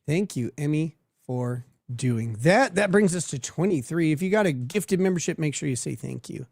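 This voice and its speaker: A man's voice: on the high side, expressive, normal speed, vocal fry, a little mellow, dry recording, studio quality. A man hosting a livestream, reading viewer messages and answering them with crude, sardonic jokes and frequent laughter. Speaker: livestream host. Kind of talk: casual livestream commentary.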